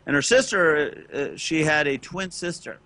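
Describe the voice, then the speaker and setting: A man from Los Angeles spins a long, rambling story in casual podcast chat, a little higher-pitched than most men. His voice is bright and forward, and he jumps into loud, shouted quotes when he plays other people. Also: animated, normal speed. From Los Angeles, California. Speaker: podcast co-host.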